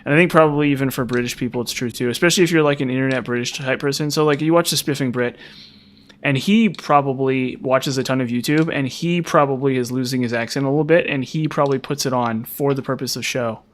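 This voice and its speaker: Talking quickly in a mid-range voice, the same mildly Utah-accented gaming streamer keeps up a casual chat with his live viewers. His speech wanders, with repeated words and plenty of fillers.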